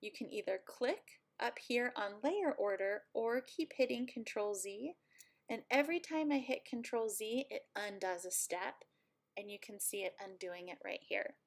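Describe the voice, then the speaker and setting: A woman instructor at home, giving a friendly, playful software tutorial walkthrough and joking about herself. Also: on the high side, normal speed.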